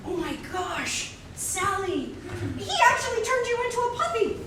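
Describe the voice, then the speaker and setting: Woman playing a fussy potion brewer, lively high voice, live improv, far-off echoey mic. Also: normal speed. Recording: echoey stage from far off with noise.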